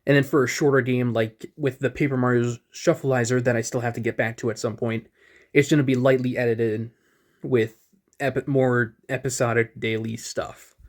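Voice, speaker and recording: A man's voice: mid-range voice, level tone, moderate pace, a little mellow. A man in his twenties talking through his old gaming videos in a loose, rambling, self-mocking way, chuckling at himself. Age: 20s. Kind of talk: casual gaming commentary.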